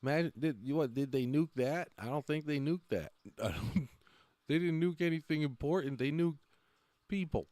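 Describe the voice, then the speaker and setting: A man's voice: fairly high pitch, normal speed, mellow, no echo. A man talking casually on a livestream, rambling, often trailing off and laughing between thoughts. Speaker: livestream host.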